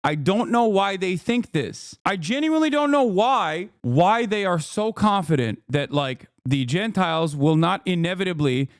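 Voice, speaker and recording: Male streamer, fired-up casual commentary, somewhat high voice, dry close sound. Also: lively intonation, moderate pace, few pauses, clear, resonant tone, dry recording. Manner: heated, profane, rambling with restarts. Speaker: streamer host.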